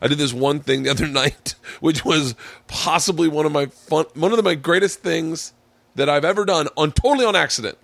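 Brisk and a bit high, with vocal fry, this comedian-host tells stage stories on his podcast, cursing liberally and performing other people's voices in an animated way. The recording has no echo.

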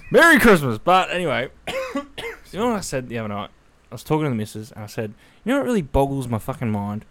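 A man's voice: medium pitch, wildly swooping pitch, quick pace, fairly bright tone. An Australian man co-hosting a podcast in casual chat, playful and swearing. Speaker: podcast co-host.

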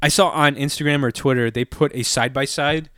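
A man's voice: mid-range voice, steady tone, brisk, a bit bright, no room sound, clean studio sound. A man co-hosting a podcast, chatting loosely and casually, swearing now and then as he rambles through stories. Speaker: podcast co-host. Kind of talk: casual chat reacting to a movie trailer.

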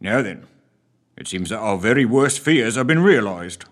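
A man voicing a measured, deliberate investigator who takes charge, in a storybook reading. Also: fairly low pitch, expressive. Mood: grave. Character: calm man taking charge, investigator type.

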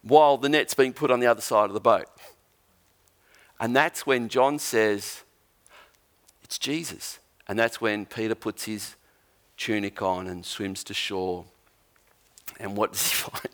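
A man's voice: lowish voice, unhurried, pauses often. A man preaching a sermon as a pastor, telling a Bible story with humour and acting out the lines of its characters. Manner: animated storyteller, acts out quotes.

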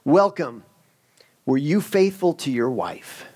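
A man voicing a calm, welcoming older male saint at heaven's gate, speaking in a steady, measured and formal way. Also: on the high side, slightly rough, heavily acted.

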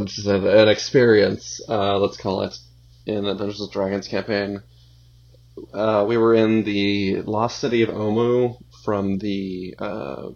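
A man co-hosting a podcast, chatting hesitantly with many pauses, on a muffled, lo-fi mic. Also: fairly low pitch, a little mellow. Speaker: podcast co-host. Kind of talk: casual chat.

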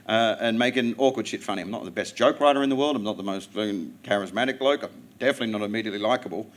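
A man with an Australian accent, a guest comedian talking animatedly and with plenty of swearing while he tells stories in a live podcast interview. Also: mid-range voice. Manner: animated, profane storytelling. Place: theatre stage before a live audience.

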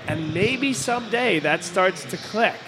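A man's voice: high-pitched, unhurried, background noise. A man co-hosting a casual soccer talk show, telling stories and quoting other people. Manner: animated storyteller, quotes others in put-on voices. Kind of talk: casual sports chat.

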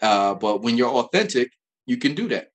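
A man from Albany, New York, guests in a casual chat, telling stories in a medium-pitched, expressive voice at normal speed. His conversational storytelling rambles, with many restarts.

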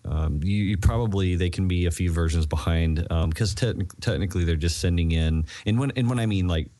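Brief: very low-voiced man, mellow tone, halting tech explainer. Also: dry recording. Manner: hesitant, many fillers and restarts. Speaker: podcast co-host. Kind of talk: casual tech podcast chat.

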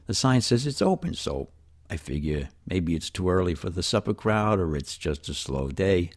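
An older man with a New York accent spins a personal story in an animated, chatty way. His voice sits very low and gravelly, yet it swings widely up and down as he talks. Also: moderate pace. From New York City. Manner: animated, folksy and conversational. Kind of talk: storytelling narration.

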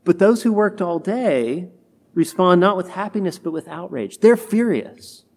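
A man's voice: high-pitched, expressive, measured pace, darkish tone. A man preaching a homily, acting out the quoted complaints of the people in his story. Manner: acts out quoted complaints in character voices. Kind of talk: sermon.

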